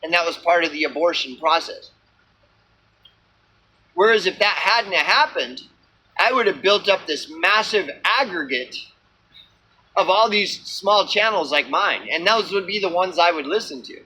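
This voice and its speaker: A man with a high, sharp voice rants to his camera in a loose vlog. He swears freely and circles back on himself with many fillers and false starts. His tone is tense and bright throughout. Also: animated, unhurried, pauses often, slight background noise, rough recording. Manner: profane, repetitive, many fillers and restarts. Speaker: small channel vlogger. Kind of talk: rambling unscripted rant to camera.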